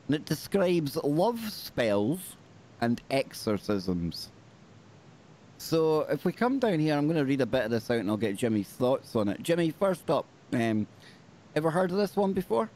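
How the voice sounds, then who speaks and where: A man's voice: fairly high pitch, sing-song, unhurried, a little mellow. A man hosting a talk show, chatting casually and reading an article aloud, with small slips and self-corrections. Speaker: show host.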